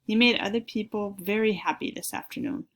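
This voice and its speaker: A woman's voice: medium pitch, steady tone, a little fast, lightly acted. A woman voicing a mother who scolds her young son about manners, in a children's story read aloud. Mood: pleased. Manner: scolding, firm then praising. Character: strict caring mother of a young boy.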